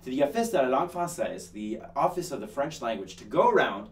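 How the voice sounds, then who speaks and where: A young Canadian man hosts an online news show, offering casual commentary in a chatty, animated way packed with fillers and jokes. His voice is mid-range and quick, picked up by a distant mic.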